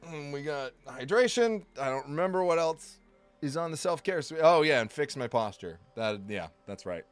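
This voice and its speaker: This man's voice sits on the higher side and is expressive, clean in tone, and delivered at normal speed, with faint music behind him. Chatting loosely during a live game stream, he wanders off track, restarts often, and fixes his own words, cracking exaggerated, self-mocking jokes.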